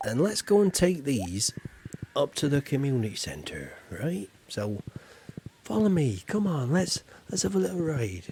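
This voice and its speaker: A man's voice: fairly high pitch, very animated, a little slow, a little mellow, slight background noise. A man giving rambling, jokey commentary while he streams a game. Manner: rambling, jokey, chatty asides. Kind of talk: casual gameplay commentary.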